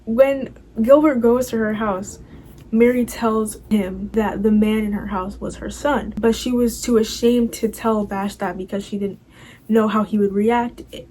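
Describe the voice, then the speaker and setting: A woman's voice: medium pitch, mellow, a little hiss or hum, rough recording. A young woman casually recapping a TV show, rambling and filling her talk with "like" and "you know".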